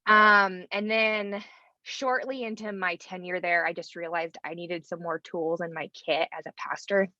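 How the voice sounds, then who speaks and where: A woman's voice: lowish voice, fairly even intonation, measured pace, pushed and bright, no room sound, lo-fi sound. A woman in her thirties from rural Idaho, a pastor talking casually in an interview, with lots of fillers. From rural North Idaho, USA. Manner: chatty, many fillers and "like". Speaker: pastor and theologian, guest.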